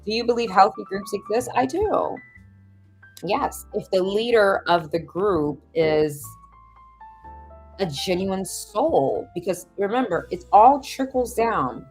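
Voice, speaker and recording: Animated woman chatting on a live stream. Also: takes it slowly, faint music behind. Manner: animated, laughs often, jumps to a squeaky high voice when acting out people. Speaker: host of a self-help livestream. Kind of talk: casual live-stream chat, advice and storytelling. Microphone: video call or stream mic.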